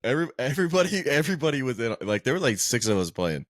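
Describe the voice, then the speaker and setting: A man's voice: medium pitch, big pitch swings, rapid-fire, no echo, clean studio sound. A man co-hosting a podcast, chatting casually and chiming in with a laid-back manner. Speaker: podcast co-host. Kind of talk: casual chat.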